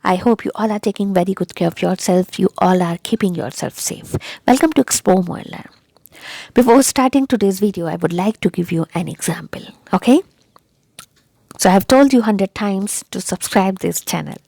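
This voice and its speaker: A woman giving an English lesson on a video channel goes over key points repeatedly and keeps asking whether the listener understood. She speaks at a moderate pace in a medium-pitched, dark voice with vocal fry. No room sound is present.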